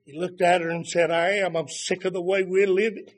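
A man preaching a sermon, rising to fervent shouts and then dropping to quiet, low passages. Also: quick pace, few pauses.

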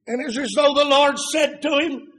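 A man preaching a sermon, rising to fervent shouts and then dropping to quiet, low passages. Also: fairly even intonation, normal speed.

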